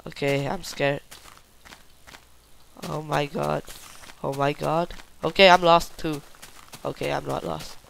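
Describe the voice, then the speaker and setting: A young man giving excited, swear-filled live commentary while playing a game, often yelping in panic. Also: a little high, creaky, slight background noise. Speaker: gamer.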